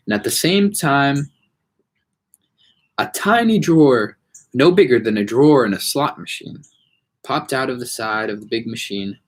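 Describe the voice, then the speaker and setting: A man reading a children's novel aloud for storytime with an expressive delivery and a husky voice. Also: medium pitch. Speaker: storytime reader.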